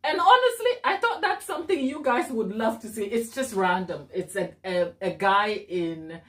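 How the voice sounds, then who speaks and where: A woman hosting a baking live stream, chatting warmly and encouragingly with her viewers and laughing often. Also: mid-range voice, normal speed. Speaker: cake baking channel host.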